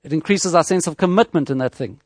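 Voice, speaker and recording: A man preaching a sermon in a measured teaching tone, with rhetorical questions and frequent restarts. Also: a little high, no echo.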